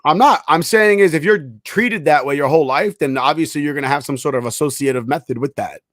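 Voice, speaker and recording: A man co-hosting a podcast in casual, argumentative chat, pushing his point with long examples. His voice is a bit high for a man. The recording is close and dry, with little room sound. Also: fast, fairly bright tone, no echo. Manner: insistent, argues with long examples. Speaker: podcast co-host.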